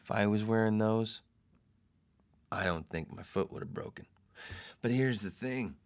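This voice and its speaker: A man with a deep, low voice tells a rambling personal story on his podcast. He talks casually and animatedly, and his voice jumps up when he mimics the people in the story. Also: measured pace, clear, resonant tone. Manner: animated, mimics others in quoted lines. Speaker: podcast host.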